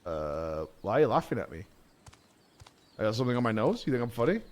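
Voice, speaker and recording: A man's voice: fairly low pitch, very animated, quick pace. A man streaming a game, making laid-back, joking commentary and laughing at himself. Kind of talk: casual gameplay commentary.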